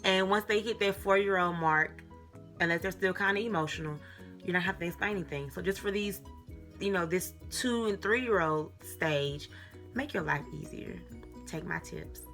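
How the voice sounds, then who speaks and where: Chatty young mom with bright tone. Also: female voice, lowish voice, moderate pace, faint music behind. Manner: chatty, animated, repeats herself, laughs often. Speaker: mom vlogger. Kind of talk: casual advice vlog.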